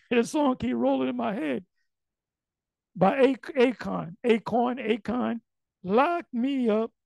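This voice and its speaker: Brief: middle-aged man, high gravelly voice going hoarse, blunt profane monologue, dry sound. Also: slow pace, pauses often, a little mellow, dry recording, low-quality recording. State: losing his voice. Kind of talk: casual monologue.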